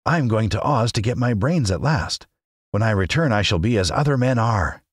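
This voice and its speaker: A man voicing a cheerful, earnest male scarecrow in a high storybook voice. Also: lively intonation, moderate pace, husky, no echo, studio quality. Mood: eager. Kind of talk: audiobook character reading.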